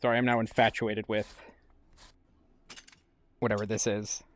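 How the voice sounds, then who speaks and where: A man's voice: lowish voice, little pitch movement, unhurried. A man chatting casually and wryly while he plays a game on stream. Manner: wry, rambling commentary. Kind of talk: casual gameplay chat.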